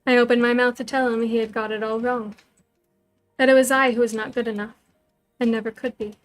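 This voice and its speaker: A woman storyteller reading a novel aloud, in measured, even first-person narration. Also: a little high, faint music behind.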